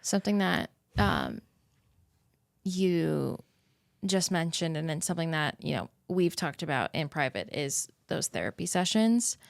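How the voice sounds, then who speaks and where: A woman hosting a podcast who asks gentle, empathetic questions in an interview conversation. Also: low-pitched, sing-song, unhurried, creaky, dry recording, clean studio sound. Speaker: podcast host. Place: podcast studio.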